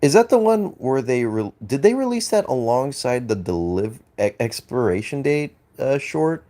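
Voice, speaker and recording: A man's voice: medium pitch, big pitch swings, moderate pace, dark tone. An Australian man streaming, chatting casually with viewers in a rambling, hesitant way full of fillers and restarts, swearing and laughing easily. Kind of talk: casual live-stream chat, reading and answering chat.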